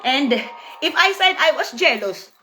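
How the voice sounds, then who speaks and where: High-voiced woman venting emotionally. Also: animated, measured pace, bright, forceful tone, faint music behind. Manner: emotional, repeats herself, frequent "you know". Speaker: former apprentice. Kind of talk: emotional personal vlog monologue.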